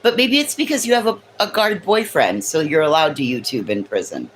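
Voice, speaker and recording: Woman, very deep voice, lively pitch, sarcastic, casual livestream chat, faint room noise. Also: brisk, poor audio. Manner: sarcastic, teasing chat commenters. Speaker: livestream host. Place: home near a kitchen.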